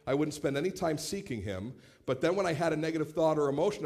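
A man in his late thirties preaching a sermon as pastor, animated, acting out quoted voices and repeating words as he starts phrases. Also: a little high, fast talker, hardly any pauses. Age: 30s.

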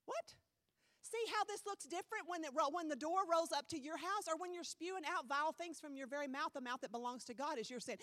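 A woman preaching a sermon, blunt and animated, mocking excuses in quick mimicry. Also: high voice, no room sound, studio quality.

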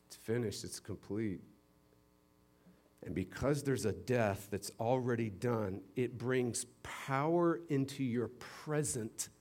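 Dynamic preaching pastor, man. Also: slow pace. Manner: dynamic preaching, swinging between loud emphatic bursts and hushed low passages; playful teacherly asides about grammar. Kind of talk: sermon.

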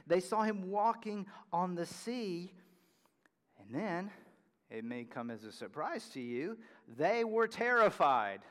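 High-pitched preacher guy, animated sermon, long echo like a big church. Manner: animated preaching, dropping to a hushed whisper at times. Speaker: pastor.

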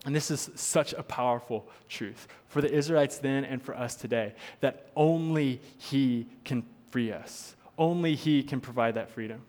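A man's voice: mid-range voice, normal speed, few pauses, darkish tone. A man preaching a sermon as pastor, earnest, repeating his points for emphasis. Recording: long hall reverb.

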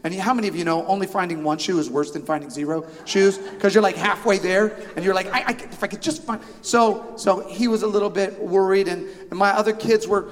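A high-voiced middle-aged male pastor tells a sermon story, animated and self-deprecating, checking in with the congregation as he goes. His voice carries through a big church hall with a long reverb tail. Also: a little fast, hardly any pauses. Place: church sanctuary.

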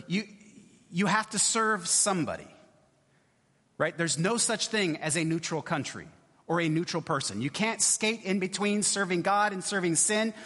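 Higher-voiced man preaching in a reverberant church. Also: a bit bright. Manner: conversational, repeats "right?" often. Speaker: pastor. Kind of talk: sermon.

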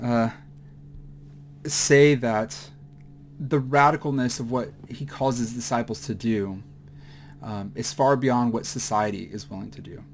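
A man giving a mid-week Bible teaching, halting with many fillers and restarts, at times choked up with emotion. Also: medium pitch, slight background noise.

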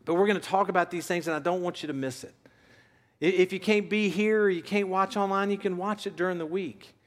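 A man's voice: sits high, brisk, big-room sound. A man in his fifties preaching a sermon as pastor, earnest and conversational as he tells stories and drives points home. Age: 50s. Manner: earnest, conversational storytelling with shifting emphasis.

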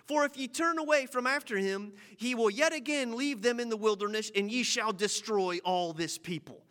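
A man delivering a sermon in a high, bright voice. He reads scripture, then retells it in loose, folksy everyday slang, talking to the congregation like old friends. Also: normal speed. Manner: folksy preaching, paraphrasing scripture in casual slang. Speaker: pastor.

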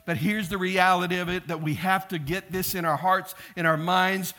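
A man preaching a sermon, telling a story and acting out the people in it with lively shouts. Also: high-pitched, normal speed. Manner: storytelling, animated, acts out quoted shouts. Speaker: pastor.

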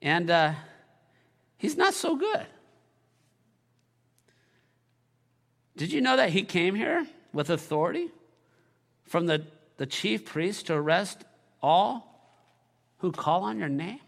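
A man's voice: sits high, big pitch swings, unhurried, creaky, pauses often, a bit bright, long reverb tail, voice pushed down, exaggerated voice. A man voicing the nervous male disciple Ananias raising a hesitant, worried objection.

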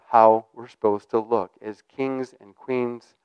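A man's voice: mid-range voice, steady tone, slow, clean tone, no room sound, highs cut off. A man giving an informal sermon in a conversational, rambling way. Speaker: preacher.

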